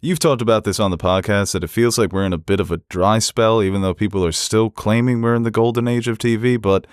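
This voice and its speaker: Low-pitched male podcast co-host, dry teasing humor, close dry mic. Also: quick pace, clean tone, no room sound. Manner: dry joking, then long steady opinion. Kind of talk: casual TV review chat.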